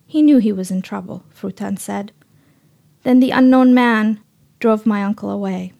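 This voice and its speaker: A woman reporter narrating her own story in a measured, sober radio style. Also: mid-range voice, vocal fry, mellow, dull audio. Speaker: freelance reporter.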